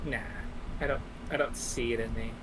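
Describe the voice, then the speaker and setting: A woman with a deep voice in casual stream chat, rambling and restarting her sentences. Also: fairly even intonation, moderate pace, fairly bright tone, a little hiss or hum, poor audio.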